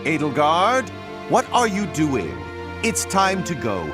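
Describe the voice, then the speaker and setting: Stern game uncle, curt, commanding, lively pitch, game music behind. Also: male voice, slow. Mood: impatient. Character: stern adult uncle hurrying a girl.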